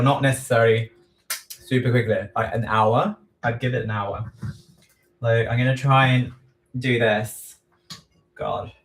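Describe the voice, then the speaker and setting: A man's voice: mid-range voice, slight background noise. A man chatting casually on a livestream while he frosts a cake at home, rambling and poking fun at himself, with lots of ums. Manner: slow, rambling, self-deprecating, many ums. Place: home kitchen. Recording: echoey room, voice far from mic.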